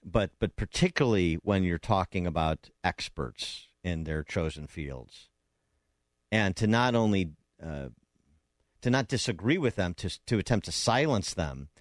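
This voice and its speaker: A man's voice: low-pitched, lively intonation, measured pace, dry recording, studio quality. A man hosting a political talk radio show, speaking emphatically and combatively with frequent restarts.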